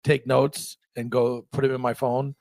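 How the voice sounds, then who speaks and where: A man's voice: mid-range voice, level tone, a little slow, a little mellow, dry recording. A man co-hosting a podcast, chatting casually, telling stories and laughing often. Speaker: podcast co-host. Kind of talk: casual chat.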